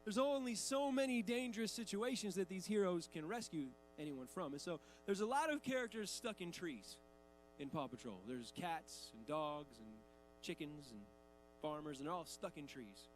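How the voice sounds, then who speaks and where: A man's voice: high voice, expressive, normal speed, a little hiss or hum. A man in his thirties, a pastor preaching a sermon in a church, talking in a conversational, emphatic way with casual asides. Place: church sanctuary.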